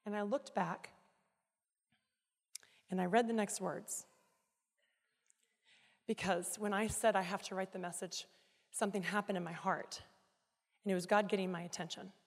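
A woman giving a sermon, telling a personal story with dramatic, emotional swings between quiet reflection and loud pleading. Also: mid-range voice, steady tone, moderate pace, pauses often. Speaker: guest speaker. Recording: reverberant hall.

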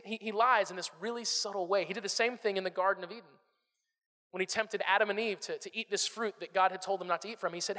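Guy preaching a casual sermon, high bright voice, keeps repeating words, big echoey church hall. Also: fast talker. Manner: conversational, animated, repeats words when starting phrases. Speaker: pastor.

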